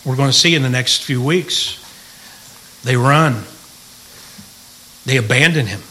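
A man's voice: mid-range voice, measured pace, pushed and bright, rough recording. A middle-aged man, a pastor, teaching the Bible in a folksy, joking way and asking the room questions.

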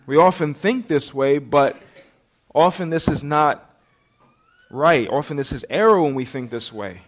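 High-pitched guy preaching, earnest, keeps asking the congregation questions. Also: measured pace. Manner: earnest, rising to impassioned pleading in quoted prayers; asks the listeners direct questions. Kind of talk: sermon.

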